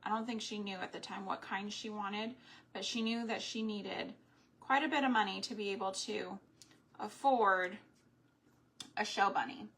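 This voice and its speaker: A woman's voice: medium pitch, fairly even intonation, normal speed, fairly bright tone. A woman hosting a live crafting stream, chatting in long rambling asides while she works with her hands. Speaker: homesteading craft host.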